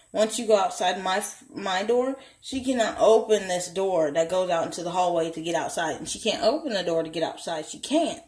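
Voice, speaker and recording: A woman's voice: medium pitch, a little mellow. A young woman vlogging a candid personal story at home, blunt and profane, acting out the voices of people she quotes. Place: home, indoors. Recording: echoey room.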